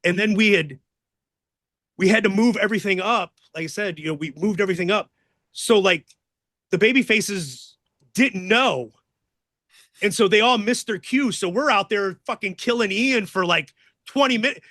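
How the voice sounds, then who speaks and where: High, bright-voiced man telling wild road stories. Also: moderate pace, long pauses, no echo, studio quality. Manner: profane, excitable storyteller acting out others' voices. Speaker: wrestling guest telling stories. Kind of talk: casual storytelling interview.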